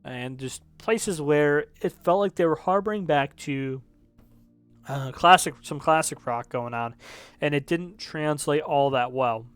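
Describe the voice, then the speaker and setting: A man's voice: fairly high pitch, unhurried, clear, resonant tone, no echo, faint music behind. A man reviewing songs in casual commentary, rambling and correcting himself, with the odd swear word. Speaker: music reviewer.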